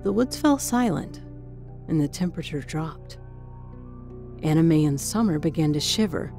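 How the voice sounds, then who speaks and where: Low-ish woman reading a spooky tale, slow dramatic pacing, quiet music under it. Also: lively intonation, vocal fry. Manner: measured and dramatic. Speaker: narrator. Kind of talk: scripted ghost story narration. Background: faint music.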